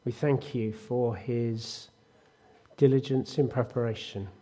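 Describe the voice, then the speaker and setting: A man's voice: medium pitch, steady tone, mellow. A man leading an earnest spoken prayer in a church service. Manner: earnest, unhurried praying. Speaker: prayer leader.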